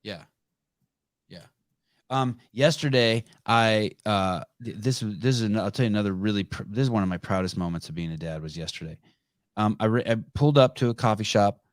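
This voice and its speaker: A man's voice: on the low side, brisk, no echo, studio quality. A middle-aged man hosting a podcast, telling stories in a profane, rambling casual chat. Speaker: podcast host.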